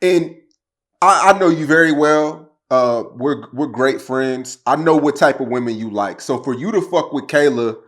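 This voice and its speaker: A man's voice: mid-range voice, moderate pace. A man hosting an interview in casual chat, asking short probing questions.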